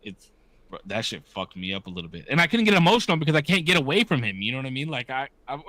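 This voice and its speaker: A man's voice: medium pitch, very animated, quick pace, bright, forceful tone, no echo. A man in his thirties chatting casually as a podcast co-host, candid and swearing often, acting out the voices of people he quotes. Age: 30s. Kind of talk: casual chat.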